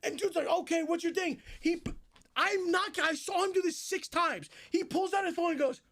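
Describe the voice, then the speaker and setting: A young man streaming to his viewers, telling a long story in a casual, animated way, swearing often and breaking into loud outbursts. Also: extremely high pitch. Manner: animated, swears a lot, jumps between fast narration and loud outbursts.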